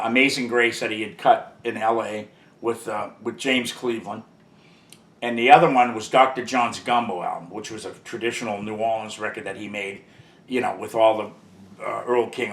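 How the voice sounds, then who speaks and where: Older man, music business veteran, as an interview guest, telling profane, rambling stories. His voice is bright and forceful. The sound is roomy with a clear echo. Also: medium pitch. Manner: rambling, profane, full of "you know" asides. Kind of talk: casual storytelling.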